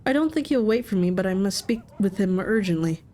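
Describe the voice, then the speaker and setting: A woman's voice: medium pitch, expressive, brisk, dark tone, a little hiss or hum, close to an everyday voice. A woman voicing a polite, nervous male university professor who stumbles over his words. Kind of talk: game voice acting.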